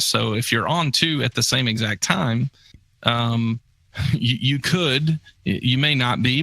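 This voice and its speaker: A man co-hosting a podcast, explaining business points in a measured way. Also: medium pitch, gravelly, pushed and bright, no echo. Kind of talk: casual chat.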